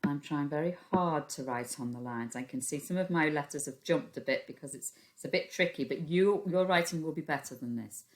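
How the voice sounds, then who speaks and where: A woman's voice: deep voice, fairly quick, few pauses. A woman with a British accent, a primary school teacher giving a recorded phonics lesson to young children, patiently sounding out words into a computer microphone. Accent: British English.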